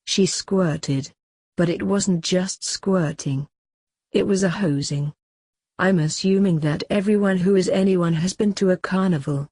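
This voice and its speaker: Female narrator, slightly low pitch, flat sardonic read of a crude story, very dry room. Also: measured pace, dry recording.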